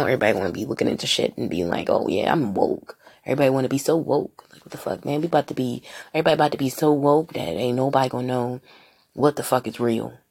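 A woman talks alone on her own podcast, rambling and swearing while she mocks other people in put-on voices. Her voice sits very low and is rough with vocal fry and a husky edge. She sounds a little high. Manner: profane, rambling, animated with mocking voices. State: partially high. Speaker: podcast host. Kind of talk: casual solo podcast rant.

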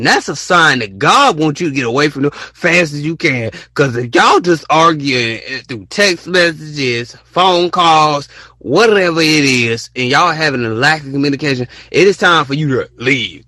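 A man's voice: fairly high pitch, animated, moderate pace, sharp tone, dry recording. A young man hosting a casual solo podcast, rambling and repeating himself as he acts out text conversations. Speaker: podcast host.

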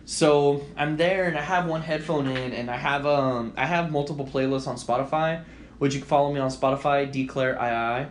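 A young man co-hosting a podcast, swearing freely and telling animated stories in casual chat. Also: on the high side, a little fast, a little hiss or hum. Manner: profane, animated storytelling. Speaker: podcast co-host.

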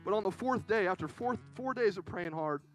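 A man's voice: sits high, expressive, fairly quick, low-quality recording. Earnest young preacher man, guitar behind. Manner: earnest, emotional, conversational with fillers. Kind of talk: sermon. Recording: dry sound with faint guitar behind. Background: faint guitar music.

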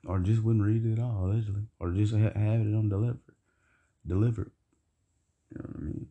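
A man's voice: fairly low pitch, steady tone, brisk, husky, phone-quality sound. A young man casually telling a rambling, slangy, profane personal story for his vlog.

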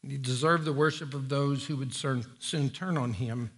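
Bright-voiced joking preacher man. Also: normal speed. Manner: folksy, joking asides, rises in pitch when pressing a point. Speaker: pastor. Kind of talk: sermon. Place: church sanctuary.

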